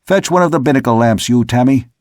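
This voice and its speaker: A man voicing a gruff male ship's second mate who shouts orders at the crew. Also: medium pitch, fast talker, dry recording, clean studio sound, natural voice. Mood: urgent.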